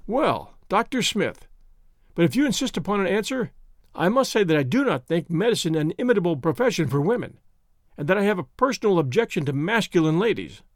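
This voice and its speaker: A man's voice: high-pitched, big pitch swings, a little fast, no echo, studio quality. A man reading aloud and voicing a conservative, pedantic Victorian country doctor with a formal, stiff manner. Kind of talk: audiobook character voice.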